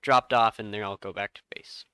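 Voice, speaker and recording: A man narrating a tabletop game as game master, telling the scene with dramatic pauses. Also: on the low side, clean tone, dry recording. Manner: lively storytelling with dramatic pauses.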